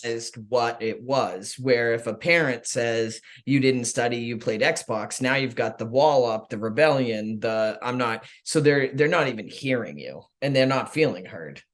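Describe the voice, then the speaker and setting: A man co-host speaks in a voice of middle pitch. His talk is casual, measured and reflective. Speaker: podcast co-host. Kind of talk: casual chat.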